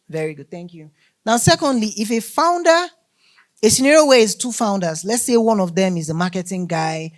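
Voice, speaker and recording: A woman teaching a workshop on law, emphatic and often checking that listeners follow. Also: on the low side. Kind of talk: lecture to a live group.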